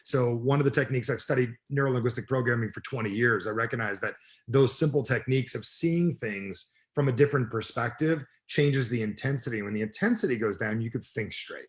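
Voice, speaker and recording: In an energetic interview, a middle-aged man who works as a personal development coach speaks briskly in a mid-range voice. He's emphatic and blunt, and he swears freely.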